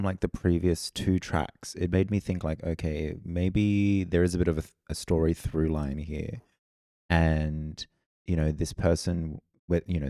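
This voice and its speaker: Deep-voiced Australian man, rambling and chatty. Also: dark tone, no room sound, studio quality. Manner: rambling, chatty storyteller who laughs often. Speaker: podcast co-host. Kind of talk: casual music reaction chat.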